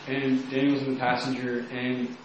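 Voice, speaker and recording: A man's voice: mid-range voice, completely flat delivery, normal speed, lo-fi sound, background noise. A young man from Texas giving a casual, rambling personal testimony, with lots of "like" in his speech. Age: young adult. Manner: casual, rambling, heavy use of "like". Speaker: storyteller. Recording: very echoey room, mic at a distance.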